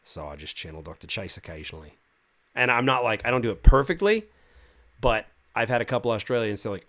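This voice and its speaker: Expressive and fairly quick, this mid-range, fairly bright male voice belongs to a game master hosting a relaxed livestream. He reads out viewer comments and responds in a wandering way, stumbling through fillers and restarts.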